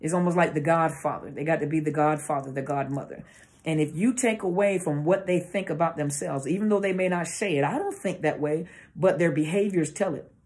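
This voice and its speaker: A woman's voice: low-pitched, brisk, a little mellow. A woman therapist giving an informal educational talk to camera, conversational and often searching for words with restarts. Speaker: therapist speaking on narcissistic abuse. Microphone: camera mic.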